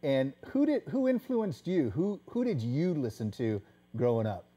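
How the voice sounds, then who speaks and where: A middle-aged male radio host speaking in a measured way and addressing his guest formally. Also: fairly high pitch, very animated, warm tone, slightly rough, highs cut off. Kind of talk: casual radio talk.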